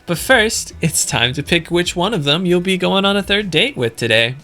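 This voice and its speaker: A man's voice: high-pitched, animated, normal speed, sharp tone, faint music behind, exaggerated voice. A man reading the lines of a wry organizer in a dating game, speaking with dry jokes.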